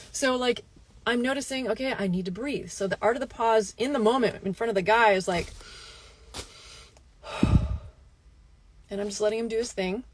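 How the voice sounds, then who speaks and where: A woman health coach giving a motivational talk to camera, telling a personal story with lively asides and checking in with "right?". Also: medium pitch. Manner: animated storytelling, frequent "right?" asides and laughs.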